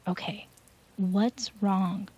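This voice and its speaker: A caring young girlfriend speaks soft and hushed, soothing and a little groggy, as a woman narrator puts her on. Her tone is mellow and slow. The sound is dull, lo-fi and dry. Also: medium pitch, steady tone, slightly rough. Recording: dull lo-fi home recording.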